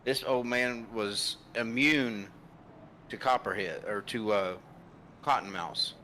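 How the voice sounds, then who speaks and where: A man co-commentating, telling a rambling story with lots of fillers and pauses. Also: lowish voice, sharp tone, slight background noise, low-quality recording. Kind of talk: casual chat.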